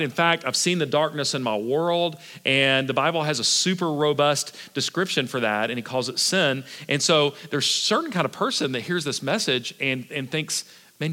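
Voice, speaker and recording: A middle-aged pastor delivers his sermon in a loose, chatty manner, circling back on his words and padding them with fillers. His voice is bright and forceful, at an ordinary middle pitch. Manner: conversational, filler-heavy preaching with frequent "like" and restarts.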